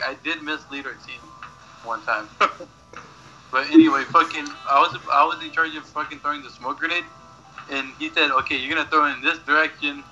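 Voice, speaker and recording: A man's voice: on the high side, sharp tone, highs cut off. A young man chatting casually, telling rambling stories full of swearing and laughing at himself. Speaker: podcast regular. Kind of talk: casual chat, storytelling.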